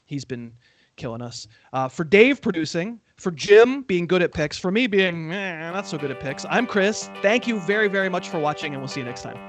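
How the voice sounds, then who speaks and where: A man hosting a casual sports betting show, talking in a relaxed, self-deprecating, wry way. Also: high voice, moderate pace, soft background music. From California. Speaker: host.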